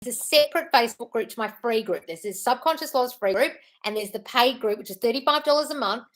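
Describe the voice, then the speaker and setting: A woman's voice: a little high, animated, fast. A woman hosting a casual live stream, chatting in a scattered, apologetic way while answering viewer comments.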